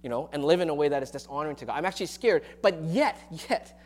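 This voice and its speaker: A male pastor delivering a sermon to his congregation in church. His voice sits a little high for a man, and he speaks earnestly and confessionally, often stopping and restarting his sentences. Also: animated, fast talker, a little mellow.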